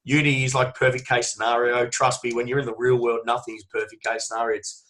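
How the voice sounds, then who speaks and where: A man's voice: mid-range voice, flat delivery, fast, a bit bright. An Australian man, a strength coach, talking in a casual podcast interview, swearing freely and telling long emphatic stories. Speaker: strength and conditioning coach, guest.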